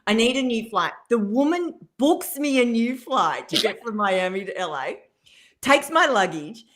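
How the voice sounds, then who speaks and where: A woman, a radio guest telling a story in lively fashion, acting out what people said. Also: fairly high pitch, moderate pace. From Australia. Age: 50s. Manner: animated storyteller acting out quotes, laughing.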